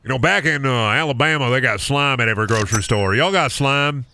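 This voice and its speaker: A man voicing a loud, demanding man customer hunting through a grocery store. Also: mid-range voice, brisk, creaky, slight background noise. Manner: drawling, demanding, repetitive.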